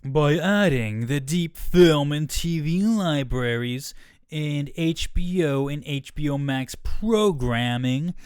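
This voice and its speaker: A man's voice: clear, resonant tone, dry recording, studio quality. A man putting on a stiff corporate spokesman. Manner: slow, measured, raised pitch.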